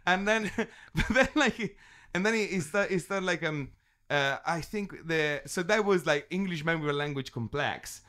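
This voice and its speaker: Italian musician guest, native Italian speaker, higher-pitched, chuckles through halting, restarting answers. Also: male voice, pushed and bright. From Italy. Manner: laughs often, halting restarts. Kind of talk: casual interview chat.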